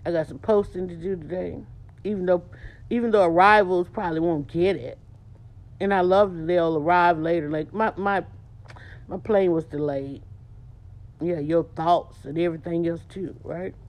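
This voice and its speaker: A small business owner talks in a casual monologue, her voice on the low side, steady and a little mellow at a moderate pace. She preaches emphatically in informal, slangy language, repeating her points to drive them home.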